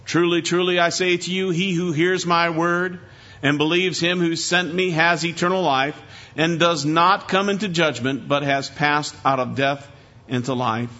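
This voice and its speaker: A male pastor delivering a sermon in an emphatic preaching voice that climbs for stress and sinks low. His tone is bright and a little higher than most men's. The recording sounds dull and lo-fi. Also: fairly even intonation, a little slow. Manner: emphatic preaching, rising and falling.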